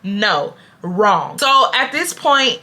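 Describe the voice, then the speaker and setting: Young woman vlogger, bright and animated, slangy casual storyteller. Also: mid-range voice, drawn-out words. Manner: animated, slangy, addresses viewers directly.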